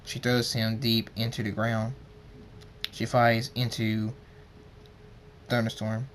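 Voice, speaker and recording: A man narrating an amateur story, halting and stumbling over words as he reads. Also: mid-range voice, completely flat delivery, a little hiss or hum.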